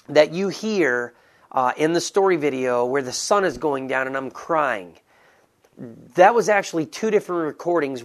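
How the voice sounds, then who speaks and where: Brief: earnest male preacher telling his testimony, slightly high voice, gravelly edge. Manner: earnest, storytelling, direct to listeners. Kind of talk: sermon-style personal testimony.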